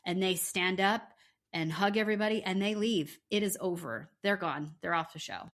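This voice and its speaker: A woman's voice: mid-range voice, normal speed. A woman co-hosting a podcast, recapping in casual chat and acting out what people said. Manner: animated storyteller, acting out quotes. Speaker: podcast co-host.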